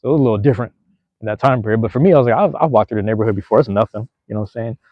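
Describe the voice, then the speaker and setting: Young guy from seattle rattling off a story fast, cussing and slangy, dry sound. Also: lowish voice, no room sound, dull audio. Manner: laid-back, profane, slangy. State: out of breath. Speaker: podcast host. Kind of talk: casual storytelling.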